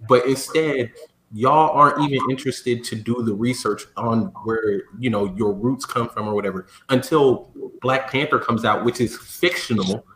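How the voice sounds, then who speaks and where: A man arguing his case in a casual chat, firing off rhetorical questions. His voice sits at an ordinary pitch. It echoes in a roomy space with faint ambience behind. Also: normal speed, noisy background.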